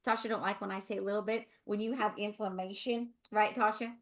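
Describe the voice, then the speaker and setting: A woman's voice: medium pitch, steady tone, fairly quick. A middle-aged woman with a Southern US accent, a dental hygienist co-hosting a webinar, telling a story in a chatty, rambling way with asides.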